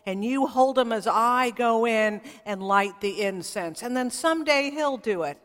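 A woman voicing a boastful old male priest who struts and brags, a bit lower and louder than her own voice. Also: a little slow, big-room sound. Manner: bragging, puffed-up.

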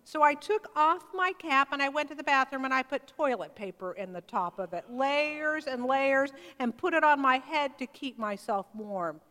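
A woman's voice: high voice, normal speed, hardly any pauses, pushed and bright. A woman preacher telling a story in a sermon, acting out the dialogue as she goes. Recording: long hall reverb.

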